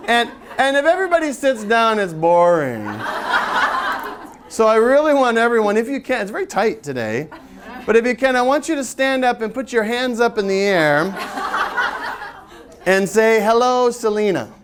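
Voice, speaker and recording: High-voiced man joking with a seminar crowd. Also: very animated, moderate pace, long pauses, background noise. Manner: chatty, joking, audience-engaging. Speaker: author and teacher giving a seminar. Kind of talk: live workshop presentation. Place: lecture room with an audience.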